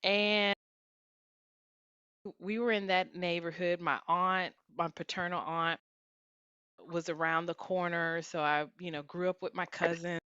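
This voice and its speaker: A woman with a light Texan twang tells her story in an interview, speaking slowly and reflectively and often saying "you know" as she goes. Her voice is smooth and clear. The recording is dry and a little dull. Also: lowish voice, steady tone, sharp tone, dry recording. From Houston, Texas. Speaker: interview guest, researcher.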